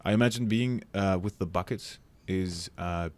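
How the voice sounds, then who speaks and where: A man's voice: low-pitched, moderate pace, darkish tone. A man playing a video game, chatting casually and jokily and talking to objects in the game. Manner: playful, jokey, talks to objects in the game. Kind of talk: casual let's-play commentary.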